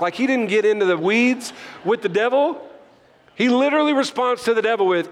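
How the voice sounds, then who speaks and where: Southern pastor preaching in a reverberant hall. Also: male voice, extremely high pitch, fairly quick. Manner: preachy call-and-response, playful asides. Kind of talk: sermon.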